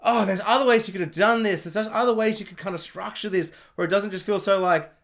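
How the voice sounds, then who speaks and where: A man's voice: high voice, fast, fairly bright tone. A man giving a sarcastic, rambling casual review rant, full of filler words. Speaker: show reviewer.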